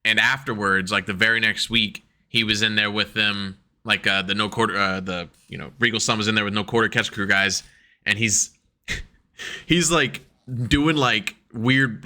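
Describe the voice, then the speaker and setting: A man co-hosting a podcast in casual chat, talking excitedly and profanely and acting out quotes as he goes. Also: on the low side, normal speed. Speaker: podcast co-host.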